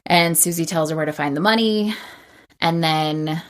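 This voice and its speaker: A woman with a notably low voice co-hosts a casual podcast. She recaps a film's plot in a long, chatty run, dropping in "like" and slipping into quick impressions of the characters. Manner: retells plot at length, acting out characters' lines; chatty, frequent "like" and laughter. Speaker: podcast co-host. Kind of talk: casual film recap chat.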